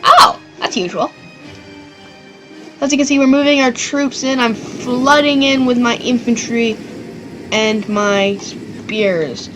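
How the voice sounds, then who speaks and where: A woman giving excitable commentary over an online strategy game she is playing. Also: fairly high pitch, slow, pauses often, music in the background, poor audio. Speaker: gamer.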